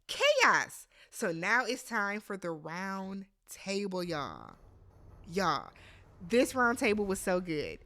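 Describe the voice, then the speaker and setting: A woman giving a casual, slangy recap of a reality show, quoting the players in lively voices. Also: medium pitch, takes it slowly. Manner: animated, slangy, quotes people in put-on voices. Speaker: recap vlogger.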